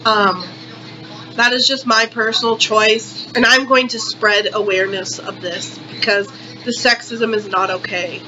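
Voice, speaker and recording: Young woman vlogger, kinda high voice, over-the-top indignant comedy rant, slight background hiss. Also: steady tone, a little slow, dull audio. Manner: exaggerated outrage, repetitive and melodramatic. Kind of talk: satirical character monologue.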